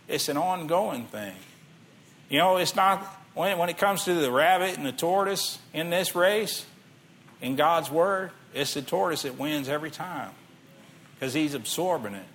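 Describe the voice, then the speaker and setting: A man's voice: fairly high pitch, expressive, measured pace, long pauses, a bit bright. A middle-aged man preaching a sermon in a conversational way, reading scripture aloud and asking the listeners questions. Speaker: pastor.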